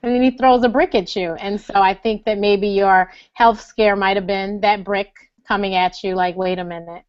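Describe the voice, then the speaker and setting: A woman's voice: mid-range voice, fairly even intonation, normal speed, few pauses, smooth. A woman hosting an interview, asking questions and affirming her guest's answers. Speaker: interview host. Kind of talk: casual interview. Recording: dull lo-fi sound.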